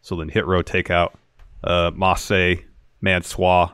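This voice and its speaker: Male co-host, lowish voice, steady recap delivery, dry close mic. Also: slow pace, clean tone, no room sound. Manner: steady play-by-play retelling of segments. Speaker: wrestling podcast co-host. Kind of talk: casual show recap chat.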